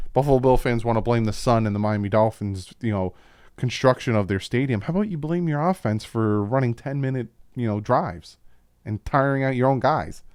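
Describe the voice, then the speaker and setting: A man's voice: lowish voice, a little mellow, clear, resonant tone, no room sound, clean studio sound. A man hosting a casual football film breakdown, talking as an opinionated fan with frequent asides. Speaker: YouTube football film-study host.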